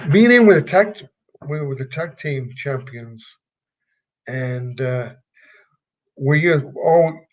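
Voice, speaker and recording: An older man from England, a former wrestler telling stories in an interview, halting and rambling with many fillers. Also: mid-range voice. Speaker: retired pro wrestler, guest. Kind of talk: casual interview storytelling. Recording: dull lo-fi recording.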